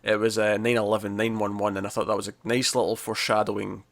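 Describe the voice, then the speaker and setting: With a flat, lowish delivery and noticeable vocal fry, a man co-hosting a podcast chats casually about a TV episode. He rambles, restarts often, and dramatizes scenes using quick voices.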